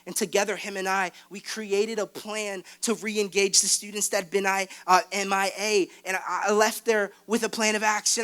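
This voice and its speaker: A man's voice: high voice, level tone, moderate pace, hardly any pauses, pushed and bright, smooth. A young man, a youth pastor, preaching a candid sermon that builds into fervent exhortation from a church stage. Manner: candid, self-deprecating, rising to fervent exhortation.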